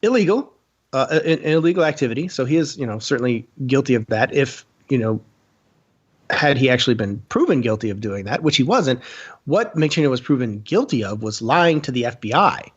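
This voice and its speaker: A man giving casual film commentary as a podcast guest, animated and rambling with many fillers and restarts. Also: medium pitch, brisk, slightly rough, highs cut off.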